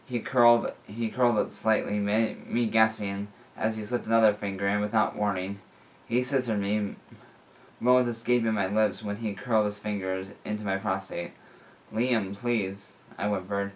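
Low-voiced man reading a story aloud. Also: little pitch movement, moderate pace. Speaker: reader.

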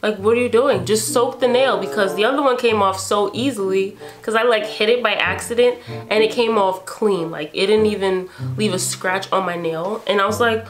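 With music running underneath, a New York beauty vlogger in her twenties relates a story in a casual way, lively as she acts out her responses. She speaks in a mid-range voice at a moderate pace.

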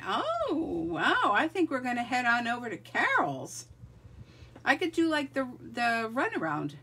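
A woman's voice: fairly high pitch, sing-song, moderate pace, bright, forceful tone, recorded from a distance, slight background noise. A middle-aged woman hosting a live crafting stream, chatting casually and greeting viewers by name. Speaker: livestream crafting host.

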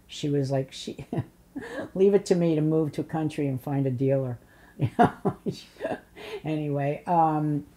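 An older woman with a slightly low voice recalls her life in a long interview. She is blunt and funny, swears freely and slips into voices for the people in her stories. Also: measured pace, pauses often, mellow. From Polish immigrant family. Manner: blunt storyteller, acts out voices and curses. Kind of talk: oral history interview.

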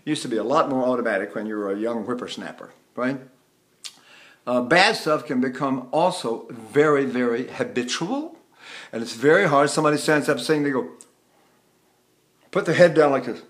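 A man's voice: medium pitch, normal speed, pauses often. An older male voice teacher explaining technique in a chatty, folksy way, breaking off to hum and sing short syllables as demonstrations. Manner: demonstrates hums and sung syllables mid-explanation. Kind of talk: vocal lesson with demonstrations.

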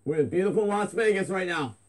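A high-voiced man talks quickly while hosting a comedic parody vlog on a busy street. He's excited and winded, repeating himself as he walks, and heavy street noise fills the recording.

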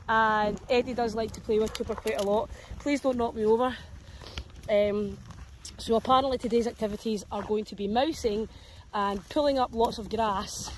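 A woman's voice: a little high, slight background noise. A Scottish woman chatting playfully on a casual vlog while walking dogs outdoors in a grassy field, talking to the dogs as she films on a handheld phone. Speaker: dog walker.

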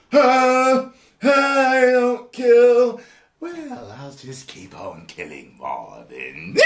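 Man, lively swooping pitch, rambling profane commentary, echoey room. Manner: animated, profane, rambling, reads article aloud. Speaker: YouTube commentator. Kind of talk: excited reaction commentary. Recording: roomy echo.

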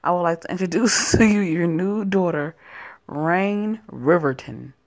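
A woman reading the part of a courteous male caseworker from a foster agency in a story game. The delivery is slow and formal, with some gravelly fry at the bottom of her voice. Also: fairly low pitch, darkish tone.

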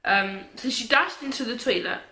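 Bright chatty young woman. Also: a little high, lively intonation, normal speed, echoey room, slight background noise. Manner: chatty, lots of fillers. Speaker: vlogger. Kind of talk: casual storytime.

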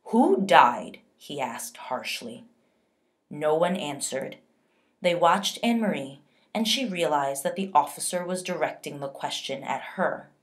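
Slow, low-voiced woman teacher reading aloud. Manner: slow, expressive read-aloud with pauses to question readers. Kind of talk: reading a novel aloud to children.

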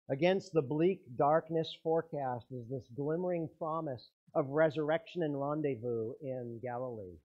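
A man's voice: medium pitch, measured pace, dull audio. A man preaching a sermon as pastor, earnest, his intensity rising and falling.

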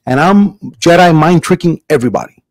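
Brief: middle-aged male podcast host, animated storyteller, fairly high voice, dry close sound. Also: a little fast, dry recording. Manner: animated storyteller, acts out quotes with big voices. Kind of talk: casual chat.

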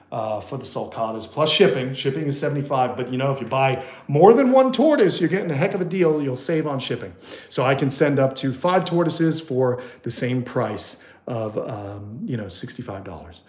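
A man with a New York accent hosting a casual live stream, chatty and excitable, rambling off into asides. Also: mid-range voice, roomy sound. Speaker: host of a reptile channel.

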